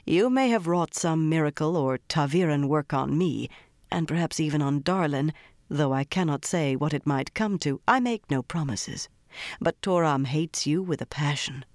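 A reader voicing a noblewoman in an audiobook, speaking in a tight, measured and formal way. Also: mid-range voice, a little mellow, dry recording, clean studio sound, natural voice. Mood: tense warning. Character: poised noblewoman, tense and guarded.

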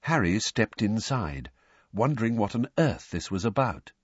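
A man narrating a storybook in an expressive, even-paced way. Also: on the low side, a little slow, husky, no room sound, dull audio. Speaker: audiobook narrator. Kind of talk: scripted narration.

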